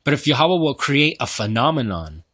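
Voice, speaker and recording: A man's voice: mid-range voice, sing-song, normal speed, fairly bright tone. A man with a New Mexico accent reads scripture aloud and breaks in with slangy, profane, mocking asides. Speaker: scripture teacher. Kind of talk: casual scripture teaching.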